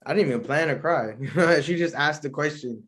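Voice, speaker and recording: A man's voice: on the high side, a little fast, fairly bright tone. A young man, hosting a solo podcast in a laid-back, rambling way and laughing often. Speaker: podcast host. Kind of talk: casual solo podcast chat.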